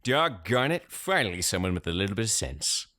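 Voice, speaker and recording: A man's voice: fairly low pitch, sing-song, a little fast, sharp tone. A man putting on a cranky old grandpa. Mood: approving. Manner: grumbling, folksy, swears casually.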